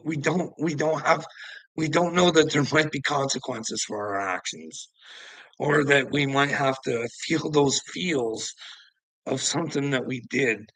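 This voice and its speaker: Gravelly, raspy man ranting. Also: medium pitch, fairly bright tone, no echo, poor audio. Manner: profane, heated, chuckles between points. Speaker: vlogger. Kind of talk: casual ranting monologue.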